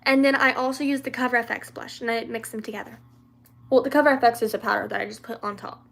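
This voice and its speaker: A woman's voice: fairly high pitch, fairly even intonation, fast, vocal fry, fairly bright tone. A young woman from the American South chatting casually on a livestream, answering viewer questions with lots of fillers, restarts and giggles. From Louisiana, raised in the American South.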